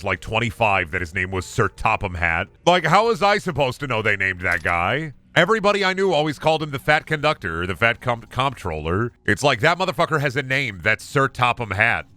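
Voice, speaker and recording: A young man talks over his game stream in a loose, profane ramble full of joking tangents. His voice is bright and ringing. His pitch swings widely as he riffs. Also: no echo. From United States. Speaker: streamer playing a video game. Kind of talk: casual gaming commentary.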